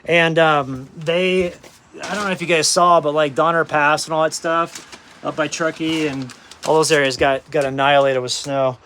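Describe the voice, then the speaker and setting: A man with a slightly high voice chats easily with viewers on a live stream. He talks from a windy outdoor property through a phone camera. Gusts of wind roar clearly behind him. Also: little pitch movement, moderate pace, a bit bright, rough recording. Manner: easygoing, greets viewers by name as brother. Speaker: off-grid vlogger hosting a live stream. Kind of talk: casual live-stream chat. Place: outdoors on windy rural property and inside a camper. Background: wind noise.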